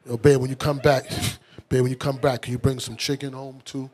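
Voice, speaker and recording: A man voicing a lazy, idle husband who asks his wife for favors in a lower, slack tone. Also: flat delivery, brisk, a little mellow, husky, lightly acted.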